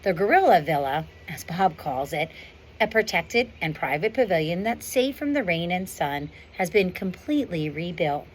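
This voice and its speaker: A woman's voice: lowish voice, big pitch swings, moderate pace, a little hiss or hum. Ivan, a woman reading as a wry silverback gorilla. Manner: wry, understated storybook narration. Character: proud dry-humored male silverback gorilla narrator. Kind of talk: reading a novel aloud. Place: outdoors on a windy day.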